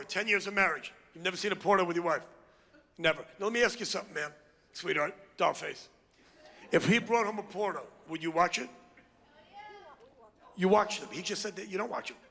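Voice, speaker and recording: A man's voice: high voice, fast talker, creaky, long pauses, pushed and bright. A brash, crude male stand-up comedian doing a routine with crowd work on a comedy club stage. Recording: long hall reverb.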